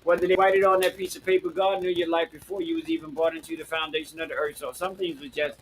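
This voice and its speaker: A man's voice: a little high, fairly even intonation, fast, background noise. A man, hosting a casual live-stream chat in a sassy, flamboyant way, swearing freely and calling everyone girl and honey. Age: 50s. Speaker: host.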